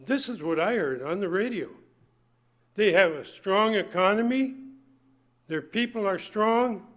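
Older male preacher, high voice, folksy and emphatic sermon delivery. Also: lively intonation, measured pace, long pauses. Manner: folksy, emphatic, swings from loud to hushed.

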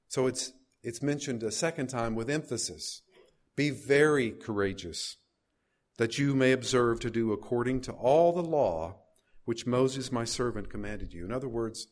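A man preaching a sermon, reading scripture aloud and putting questions to his listeners. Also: mid-range voice. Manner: reads scripture aloud with rising emphasis, asks the congregation questions.

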